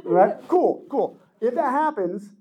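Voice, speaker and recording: Animated man with a high, mellow voice. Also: takes it slowly, low-quality recording. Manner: animated, acts out quoted voices, laughs often. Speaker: speaker addressing teens. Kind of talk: motivational talk to a live audience.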